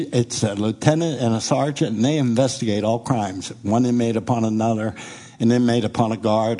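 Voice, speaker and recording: A middle-aged man giving a preacher's testimony, telling his story in an animated way and acting out what people said. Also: medium pitch. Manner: animated storyteller who acts out quoted speech.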